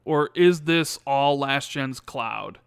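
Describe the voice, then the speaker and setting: A man's voice: medium pitch, slow pace, vocal fry, smooth, dry recording. A man co-hosting a casual gaming podcast, rambling with lots of fillers as he reads out viewer questions. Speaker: podcast co-host.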